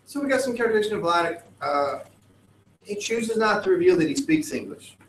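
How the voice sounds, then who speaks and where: A male teacher lecturing a class, animated and joking with his students. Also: high-pitched, a little fast, slight background noise. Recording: echoey classroom with faint ambience.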